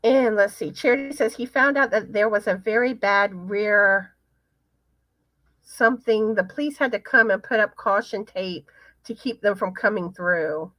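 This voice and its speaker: A woman hosting a casual live chat, reading viewer comments aloud in an unhurried way. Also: medium pitch, fairly bright tone, dry recording. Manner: chatty, unhurried, pauses to read comments. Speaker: livestream host. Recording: slightly muffled, dry sound.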